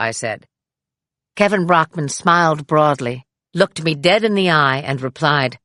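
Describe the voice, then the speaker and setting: A middle-aged woman reading her memoir aloud in a measured way, giving the quoted people raised voices. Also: low voice, fairly bright tone, dry recording, studio quality. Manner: measured, acts out dialogue with raised voice. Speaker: memoir narrator. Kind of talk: audiobook memoir narration.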